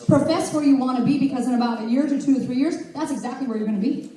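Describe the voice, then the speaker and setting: A woman's voice: sits high, rapid-fire, dark tone. A woman, a mother, speaking up from the audience and giving an enthusiastic, emphatic personal testimony. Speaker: audience member sharing her story. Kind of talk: spontaneous testimony. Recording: echoey room, distant mic.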